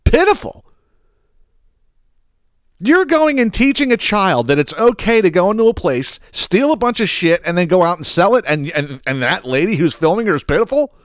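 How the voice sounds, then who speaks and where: A shrill, indignant woman scolds a mother for teaching her child to steal, as a male podcast host puts her on. The voice jumps far above his own and rings sharp and loud. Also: big pitch swings, moderate pace, dry recording, clean studio sound.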